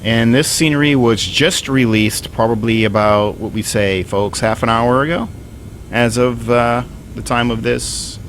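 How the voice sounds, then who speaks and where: A man's voice: medium pitch, creaky, fairly bright tone, slight background noise. A man streaming a flight simulator, thinking aloud in casual, rambling commentary.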